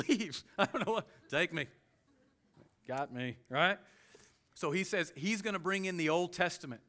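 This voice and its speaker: A man with a fairly high, pushed and bright voice preaches an expository sermon verse by verse. His delivery is conversational and emphatic, and his intensity rises when he quotes scripture.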